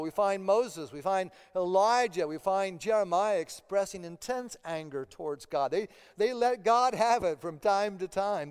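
A man's voice: sits high, clear, resonant tone. A man preaching a sermon as pastor, earnest and often repeating words as he presses a point. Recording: long hall reverb.

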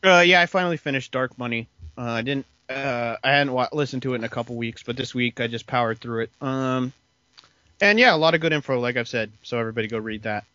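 Guy co-hosting a podcast, rambly recap full of ums, bright tone. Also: mid-range voice, quick pace, no room sound, dull audio. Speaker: podcast co-host. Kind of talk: casual chat.

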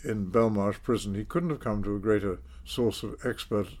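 An older man, telling his story in a measured, self-deprecating way in an interview. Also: on the low side, a little mellow. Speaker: interview guest, former politician. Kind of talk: reflective storytelling.

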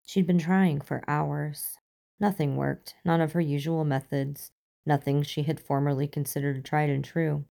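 A woman reads fan fiction aloud in a slow, measured, calm storybook manner. Her voice is low and dark, with a creaky, gravelly texture. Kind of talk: storybook narration.

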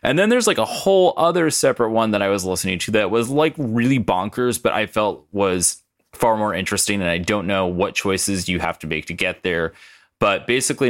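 A man's voice: deep voice, a bit bright. A young man hosting a casual podcast, rambling, swearing and laughing as he recaps a story tape. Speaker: podcast co-host.

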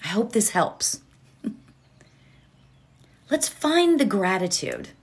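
A woman speaks slowly and unhurriedly, giving a reflective motivational talk from home. She leans on repeated phrases and rhetorical questions in a gentle, mid-pitched voice. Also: sing-song. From United States. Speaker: mindfulness speaker.

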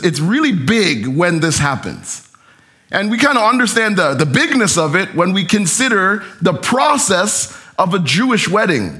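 Male preacher, mid-high voice, relaxed conversational delivery, live church sermon. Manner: conversational, leads call-and-response with congregation. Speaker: pastor. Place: church sanctuary.

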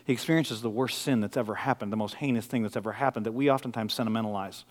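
A middle-aged man from the Detroit area, a pastor preaching a sermon, moving between loud, intense passages and quiet, intimate ones. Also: on the low side, very fast, big-room sound. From Detroit area, USA.

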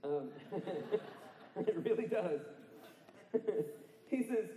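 A man preaching a sermon as pastor, animated and emphatic, rising to near-shouts and laughing at his own jokes. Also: high-pitched, slow pace, long pauses. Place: church sanctuary. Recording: echoey church hall with long reverb.

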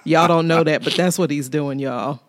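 Woman, podcast co-host, relaxed banter, laughs easily, joking with her husband. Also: low voice, normal speed. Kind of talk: casual chat.

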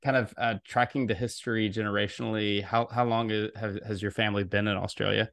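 A man hosting a podcast interview and reading sponsor messages, with an upbeat announcer delivery in the intro and a relaxed, halting manner in conversation. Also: lowish voice, vocal fry, no room sound, clean studio sound. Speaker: podcast host. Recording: music playing under the voice. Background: music.

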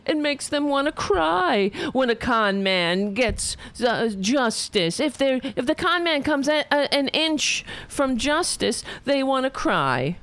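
A woman's voice: high voice, very animated, takes it slowly, hardly any pauses, a bit bright. A woman giving casual commentary in a sarcastic, mocking, emphatic way.

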